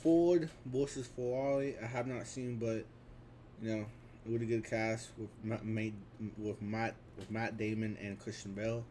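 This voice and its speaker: A man's voice: lowish voice, fairly even intonation, moderate pace, dark tone, slight background noise. A man in his twenties talking casually and offhandedly through his film collection, with frequent restarts and fillers. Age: 20s. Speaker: vlogger.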